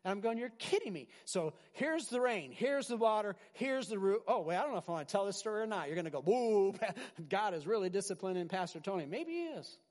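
A middle-aged man preaching a sermon as pastor, animated, swinging from loud emphasis to quiet asides and often restarting his words. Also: high voice, quick pace. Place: large hall with a congregation. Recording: long hall reverb.

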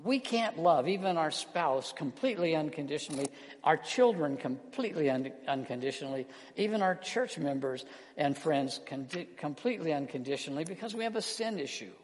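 A man preaching an earnest sermon as pastor, slowing down and softening his voice on key words. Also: a little high, animated. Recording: long hall reverb.

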